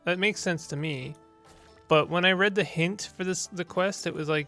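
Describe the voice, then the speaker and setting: A man's voice: fairly high pitch, normal speed, vocal fry, pushed and bright. A man giving casual gameplay commentary, playful and rambling with joking asides. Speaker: let's play host. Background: faint game music.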